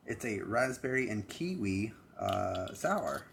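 Podcast co-host, man, playful banter, lively swinging delivery, gravelly tone. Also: mid-range voice, slow, a little hiss or hum. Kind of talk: casual chat. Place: home in Boston.

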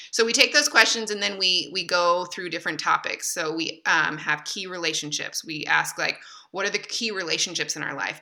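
A woman in her thirties, guesting on a podcast, tells stories casually in a bright, forceful voice on the low side. She's chatty, laughs often and uses lots of fillers and restarts.

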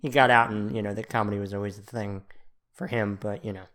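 A man hosting a podcast in casual chat, talking in a relaxed, conversational way and chuckling along with his guest. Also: on the low side, fast. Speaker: podcast host.

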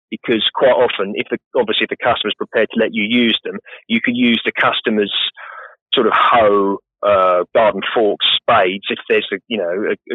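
A chatty man talks about his work in a relaxed, rambling way, poking fun at himself now and then. His voice sits on the low side. The sound is thin and phone-like, with no room echo at all. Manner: chatty, rambling, self-deprecating. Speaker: guest, professional gardener. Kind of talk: casual interview chat. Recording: tinny phone-like line, dry.

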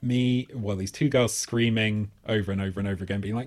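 A man's voice: on the low side, fast, few pauses, darkish tone. A man, a podcast co-host telling a rambling, self-mocking story full of swearing and laughter. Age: 30s. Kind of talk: casual comedic storytelling.

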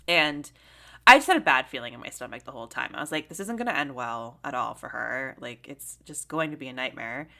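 A young woman co-hosting a casual film discussion, animated and swearing, full of "like" fillers. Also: rumbling low, a little fast, gravelly. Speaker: podcast co-host.

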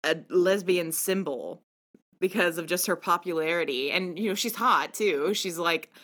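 A woman's voice: fairly low pitch, moderate pace. A woman co-hosting a casual chat, telling stories animatedly and acting out what people said. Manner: animated storytelling, acting out quotes. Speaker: podcast co-host.

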